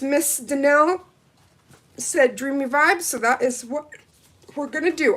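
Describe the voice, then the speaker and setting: Woman doing a nail art livestream, kinda high voice, chatty, reads out viewer comments and answers them. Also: a little slow, pauses often, fairly bright tone. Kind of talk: casual livestream chat with viewers.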